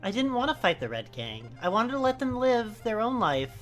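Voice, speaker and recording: A woman from the US West Coast co-hosting a game playthrough, rambling in casual, animated commentary with sudden high exclamations. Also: moderate pace, soft background music.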